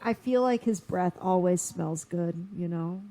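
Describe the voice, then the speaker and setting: A woman co-hosting a podcast in casual chat, tossing in playful quick quips. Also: on the low side, dark tone. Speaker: podcast co-host.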